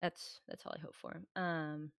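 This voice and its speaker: A woman's voice: sits low, wildly swooping pitch, moderate pace, gravelly, smooth, no echo, studio quality. A woman co-hosting a podcast in casual chat, talking freely and acting out quotes in exaggerated voices. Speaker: podcast co-host. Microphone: podcast microphone.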